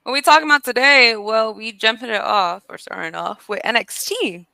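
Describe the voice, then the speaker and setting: A woman's voice: on the high side, lively intonation, moderate pace, vocal fry, bright, forceful tone, no room sound. A woman co-hosting a podcast, bantering in a teasing, profane, slangy way. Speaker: podcast co-host. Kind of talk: casual banter.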